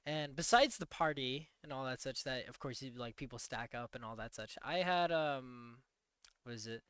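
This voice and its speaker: Young guy on a podcast, chill, cussing, bright clear voice. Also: mid-range voice, normal speed, dry recording. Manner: laid-back, swears, filler-heavy. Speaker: podcast co-host. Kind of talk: casual chat.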